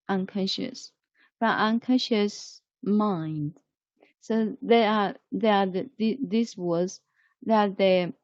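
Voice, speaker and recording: Woman teacher for an online vocabulary lesson, very slow and patient, dry, dull lo-fi sound. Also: medium pitch, darkish tone, dry recording. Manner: slow, repetitive, explains word by word.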